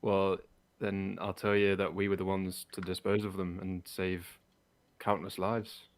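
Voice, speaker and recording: Brief: male tabletop player, gravelly and low, cocky and evasive. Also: little pitch movement, a little slow. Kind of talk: playing a tabletop game in character.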